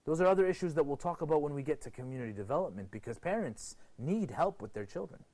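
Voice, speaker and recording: A man presenting a TV program, giving an expressive motivational lecture to a group and asking rhetorical questions. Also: fast talker. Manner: expressive, rhetorical questions, sweeping pitch swings.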